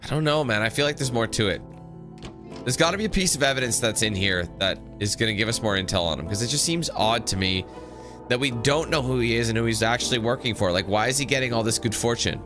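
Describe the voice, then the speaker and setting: A man's voice: medium pitch, expressive, quick pace, over music. A man giving casual let's-play commentary, goofy, rambling and profane. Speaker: gaming commentator.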